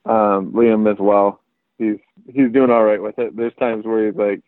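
A man's voice: lowish voice, measured pace, no echo. Man on a tinny line. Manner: animated storyteller, acts out quotes. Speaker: podcast guest. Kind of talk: casual podcast chat. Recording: tinny phone-like line, dry.

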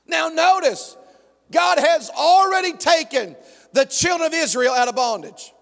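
A male pastor preaching an emphatic sermon, often shouting and calling on the congregation to respond. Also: very high voice, expressive, measured pace, creaky, big-room sound.

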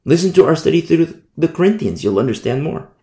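A man's voice: a little high, very animated, fairly quick, warm tone, echoey room. A man preaching a verse-by-verse Bible study sermon, repeating phrases and asking rhetorical questions. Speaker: pastor. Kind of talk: expository Bible teaching sermon.

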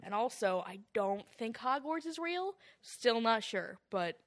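Deadpan young woman comedian. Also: on the high side, a little slow. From California, USA. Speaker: comedian guest. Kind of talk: casual comedic chat. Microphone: studio mic.

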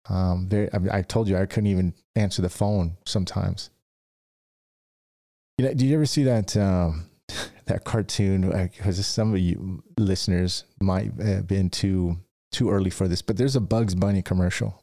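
A deep, warm-toned man hosts a podcast, offering loose, rambling business advice drawn from owning a dent repair business. He restarts often and acts out his stories.

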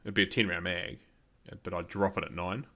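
A New Zealand man with a low, gravelly voice chats casually as a podcast host. He tells stories with a laugh and acts out the other people in them. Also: steady tone, fairly quick, fairly bright tone. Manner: storytelling, laughing, acting out quoted voices. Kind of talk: casual chat.

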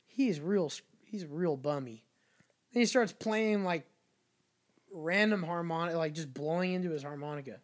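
A man's voice: a little high, normal speed. A man from Mexico co-hosting a podcast, telling stories animatedly, swearing often and acting out what people said. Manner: animated storyteller, swears constantly, acts out quotes. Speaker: podcast co-host. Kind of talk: casual chat.

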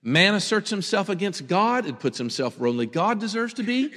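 A man preaching a sermon in an animated, conversational way, often laughing as he talks. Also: high voice, a little fast, long reverb tail.

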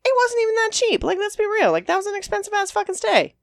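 A woman chatting as a podcast guest, blunt and quick to swear, laughing often. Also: very high voice, very animated, creaky, no room sound, clean studio sound. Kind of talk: casual chat.

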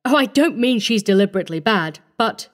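A woman voicing a brisk, fussy middle-aged orphanage matron in an audiobook reading, talking in a commanding way. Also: mid-range voice, lively intonation, close to an everyday voice. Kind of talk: audiobook character voice.

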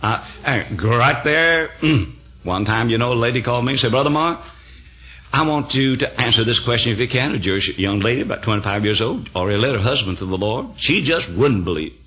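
A man's voice: mid-range voice, lively intonation, brisk, sharp tone. An older man preaching a sermon, telling folksy stories with emphatic amens and chuckles. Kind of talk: sermon storytelling.

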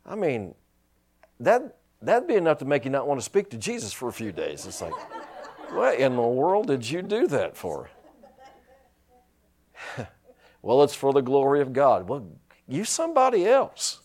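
A male pastor preaching a sermon, telling stories and rising into shouted praise. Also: medium pitch, wildly swooping pitch, unhurried, pauses often.

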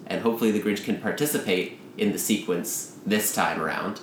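A man in casual chat who rambles through a story pitch and acts out the characters' lines in quick asides. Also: roomy sound, a little hiss or hum.

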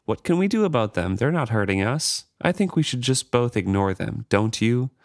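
A man's voice: mid-range voice, animated, normal speed, vocal fry, no echo. Guy reading as a jumpy sailor, fake cheerful and coaxing, dry sound. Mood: cajoling. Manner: cajoling, falsely hearty. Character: nervous male sailor feigning cheer. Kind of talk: reading a novel aloud.

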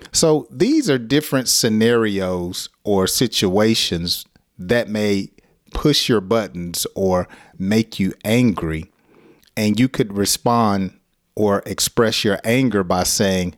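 A man teaching an English lesson, speaking slowly and deliberately and often laughing at his own examples. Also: fairly low pitch, dry recording, studio quality.

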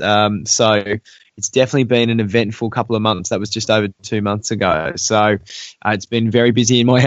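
A man's voice: mid-range voice, no room sound, muffled recording. A man chatting as a podcast guest, talking in a friendly way with stumbling restarts. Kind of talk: remote podcast interview.

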